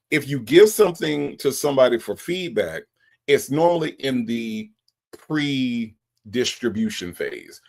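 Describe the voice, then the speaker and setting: A man talking straight to his viewers in casual reaction commentary. His pitch swings widely as he gets exasperated, with a gravelly edge, and he swears freely. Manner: animated, exasperated, profane, addresses viewers as y'all. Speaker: host reacting to a clip and reading viewer comments.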